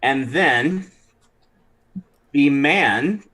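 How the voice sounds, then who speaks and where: A man narrating as dungeon master of a tabletop game, animated and throwing in character voices. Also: medium pitch, extremely slow, rough recording.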